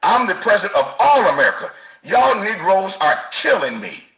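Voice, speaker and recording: A man's voice: high-pitched, very animated, normal speed, a bit bright. A man performing a satirical impression of a male former president, preaching in call-and-response style with laughter in it. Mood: mocking. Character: male former president, mock sermon of self-defense. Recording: roomy clip with faint music.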